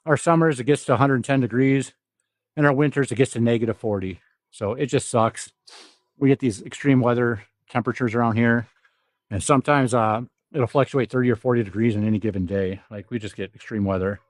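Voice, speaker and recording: A man's voice: mid-range voice, a little fast, dry recording, clean studio sound. A young man with a nasal, stuffy voice chatting casually and profanely while livestreaming from an indoor gym. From South Dakota. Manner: profane, rambling, laughs often. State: stuffy nose. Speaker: fitness vlogger.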